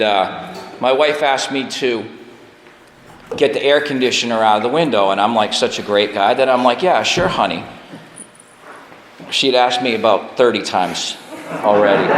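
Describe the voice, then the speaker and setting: A man's voice: mid-range voice, a little hiss or hum. Self-deprecating man telling a story in an echoey hall. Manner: animated, self-deprecating storytelling with frequent laughs. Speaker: speaker at a recovery meeting. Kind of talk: personal story share. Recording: echoey hall with long reverb.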